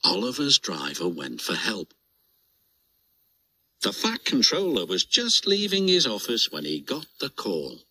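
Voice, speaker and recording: A British man reads a children's storybook aloud, his pitch leaping up and down with lots of expression. He reads slowly and unhurriedly, with a bright, sharp tone. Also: breathy edge. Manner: lively, expressive reading voice. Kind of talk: storybook narration.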